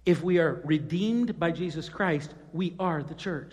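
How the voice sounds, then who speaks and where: A male pastor preaching a sermon, dropping to quiet asides and then climbing to loud, emphatic questions. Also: a little high, unhurried, big-room sound.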